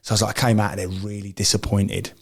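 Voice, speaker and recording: Low-voiced middle-aged man. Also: little pitch movement, fast talker, creaky. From Essex, England. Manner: rambling storyteller, restarts, acts out quoted voices. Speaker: podcast co-host, ex-footballer. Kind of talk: casual chat.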